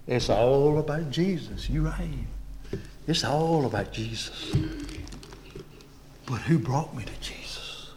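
A man preaching a sermon in a church, moving between loud proclaiming and hushed, almost whispered passages. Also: medium pitch, slow, long pauses, a little hiss or hum.

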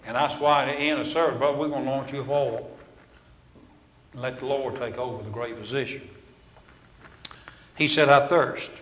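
A man preaching a sermon in a folksy, storytelling way, swinging from loud to hushed. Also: medium pitch, steady tone, a little fast, long pauses, a little hiss or hum. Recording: echoey hall with long reverb.

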